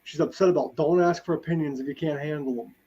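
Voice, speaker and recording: A man's voice: fairly high pitch, fast, warm tone. A man co-hosting a podcast, chatting casually with crude jokes. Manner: crude, laughing. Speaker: podcast co-host. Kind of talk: casual chat. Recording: dull lo-fi sound.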